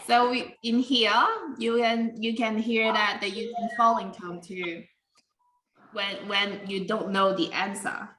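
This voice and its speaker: A woman's voice: medium pitch, steady tone, takes it slowly. A woman teaching an English lesson, explaining patiently in slightly non-standard grammar. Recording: echoey room with faint noise.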